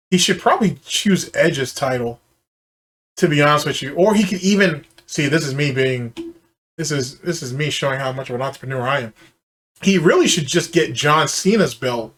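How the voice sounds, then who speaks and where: A man with a fairly high voice talks casually over a video he is reacting to. He keeps up a running stream of mocking, profane and sarcastic asides. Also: a bit bright. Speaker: commentary channel host.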